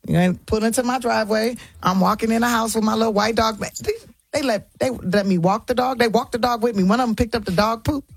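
A woman telling stories as a talk-show guest, in a lively, slangy, casual way with laughs. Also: on the high side, fast, creaky, slightly rough. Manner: animated storytelling, slangy, laughs. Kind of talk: casual chat.

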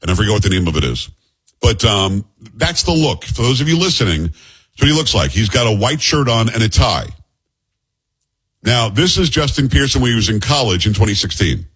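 A man's voice: on the low side, sing-song, brisk, a bit bright, slightly rough. A man hosting a political commentary show, talking bluntly and with scorn in a conversational way. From New York area. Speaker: talk show host.

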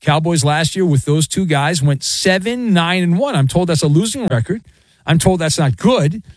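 A man's voice: a little high, lively intonation, normal speed, dry recording. A man hosting a sports talk show, riffing playfully with sarcastic asides.

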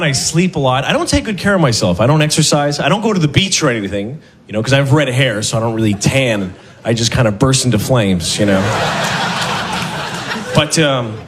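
Lively man doing self-mocking stand-up. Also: medium pitch, brisk, a little hiss or hum. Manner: deadpan, self-mocking, bursts into loud voices. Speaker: stand-up comedian. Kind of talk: stand-up routine.

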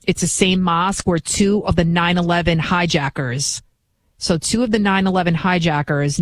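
A middle-aged woman talks through political news as host of her own show. She sounds indignant and throws out rapid rhetorical questions, her voice jumping upward when she is outraged. The recording is close and dry, with no room sound. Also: on the low side, no echo. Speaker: commentary show host, former TV reporter. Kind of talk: political commentary.

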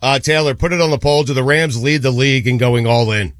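A man's voice: medium pitch, steady tone, brisk, dry recording, clean studio sound. A man hosting a sports radio show in a casual talk, drawling and dropping fillers as he goes.

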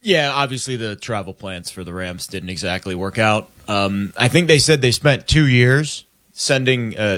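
A man co-hosting casual sports talk, rambling with halting restarts. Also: mid-range voice, a bit bright. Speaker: sports show co-host.

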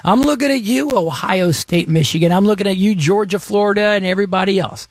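Male talk radio host, high husky voice, energetic casual delivery, close dry mic. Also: fairly quick, dry recording. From Texas. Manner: folksy, chatty and energetic.

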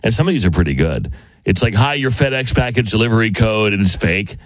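Male radio host, casual chat, very expressive delivery, dry booth sound. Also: lowish voice, fairly quick, no room sound. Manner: animated, reads texts aloud in playful voices.

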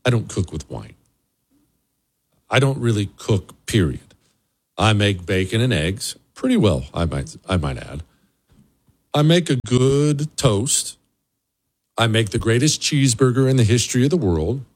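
A man's voice: lowish voice, sing-song, unhurried, pauses often, dry recording. A man hosting a radio talk show, giving a blunt, emphatic monologue with sarcastic asides. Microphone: studio microphone.

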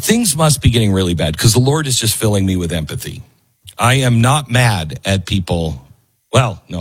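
A man's voice: medium pitch, husky. A middle-aged man hosting a talk show, delivering an opinionated monologue in an emphatic, rambling way with fillers and restarts.

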